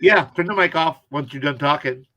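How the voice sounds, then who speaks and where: A man moderating a casual group video call, with a voice a little higher than usual. He talks people through the settings in a helpful way and often repeats himself. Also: brisk, sharp tone. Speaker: stream moderator.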